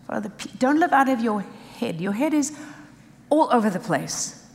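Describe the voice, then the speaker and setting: A woman's voice: a little high, lively intonation, fairly quick, gravelly, a little mellow, in a large hall. A woman preaching a sermon with emphasis, driving points home in short repeated phrases.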